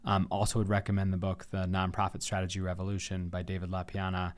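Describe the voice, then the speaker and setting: Low-voiced man hosting a podcast. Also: monotone, fast. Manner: reflective, steers the conversation with questions. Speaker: podcast host. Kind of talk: conversational interview.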